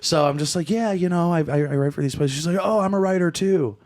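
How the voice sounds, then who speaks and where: A man's voice: a little high, fast talker, darkish tone. A man cohosting a casual comedy podcast, swearing freely as he tells a story. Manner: profane, laid-back storyteller.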